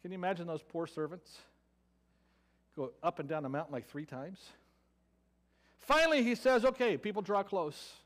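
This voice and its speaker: A man's voice: fairly high pitch, sing-song, moderate pace, long pauses, fairly bright tone. A man with a Southern American accent preaching a sermon, telling a story with playful sarcasm and acting out the people in it. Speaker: pastor.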